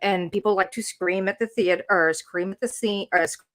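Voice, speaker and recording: A middle-aged woman with a Southern American accent, co-hosting a podcast in casual, animated chat, laughing and exclaiming often. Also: medium pitch, moderate pace. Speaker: podcast co-host.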